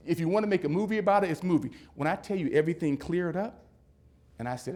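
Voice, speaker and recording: A male keynote speaker with a slightly high voice tells a personal story to an event audience. He is animated and dramatic, repeating phrases to drive a point home. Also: fast talker. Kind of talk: motivational storytelling speech. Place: event hall at a business summit.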